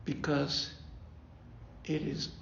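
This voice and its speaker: Gravelly man leading a grief group. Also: on the high side, monotone, extremely slow, slight background noise. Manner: conversational, repeats himself, asks "okay?". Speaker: grief ministry leader. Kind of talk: faith-based bereavement talk. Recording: echoey room, dull lo-fi sound.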